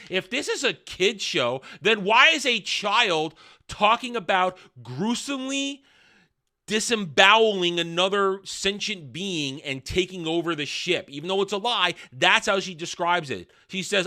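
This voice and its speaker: A man's voice: sits high, lively intonation, moderate pace, sharp tone. A man giving a ranting video review of a TV show, sarcastic and scornful in his delivery. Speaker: film and TV reviewer.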